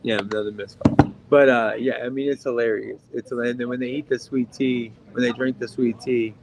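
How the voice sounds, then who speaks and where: A man's voice: mid-range voice, little pitch movement, moderate pace, very noisy. A middle-aged man co-hosting a casual podcast, rambling and profane, with lots of "like" fillers. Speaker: podcast co-host.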